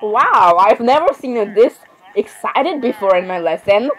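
A woman's voice: a little high, animated, a little slow, poor audio. Woman doing a stern bald math teacher. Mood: mock-stern.

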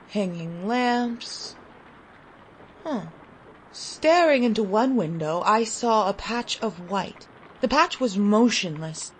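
A woman reading a literary short story aloud in an expressive, dramatic storytelling manner. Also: mid-range voice, slight background noise, rough recording. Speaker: story reader.

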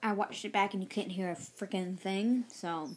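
A relaxed woman talks loosely into a nearby phone or camera, drifting between thoughts. Her voice sits at a middle pitch and bounces around a roomy home space. A faint hiss runs underneath. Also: moderate pace. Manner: laid-back, rambling, laughs often. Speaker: vlogger. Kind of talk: casual late-night vlog chat. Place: dark room at home.

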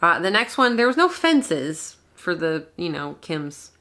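A woman co-hosting a casual reaction show, chatting and agreeing in quick replies. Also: on the low side, sing-song, bright, forceful tone.

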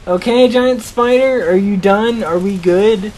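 Commenting on his own gameplay, a young gaming channel host rambles and jokes, often laughing at himself. His voice sits high with a darkish tone, and he keeps a measured pace.

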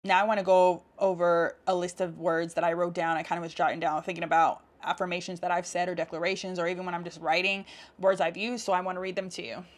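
A woman's voice: lowish voice, flat delivery, fast. A woman talking casually to camera, reading out affirmations and explaining them with an encouraging, laughing manner. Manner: warm encouraging, laughs often, speaks affirmations aloud. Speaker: self-help vlogger.

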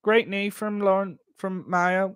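A man's voice: high-pitched, flat delivery, unhurried, fairly bright tone, smooth, no room sound, clean studio sound, pitched above the performer's own voice. A man voicing a boyish, naive young male fighter who talks earnestly and slips into crude remarks.

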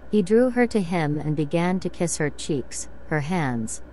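A woman narrator reading a classic short story aloud in a slow, soothing bedtime reading style. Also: deep voice, expressive, darkish tone, slight background noise, poor audio.

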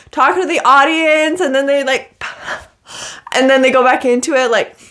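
A woman's voice: very high voice, fairly bright tone. A young woman gushing and squealing as she reacts to music for her vlog, chatty and full of fillers.

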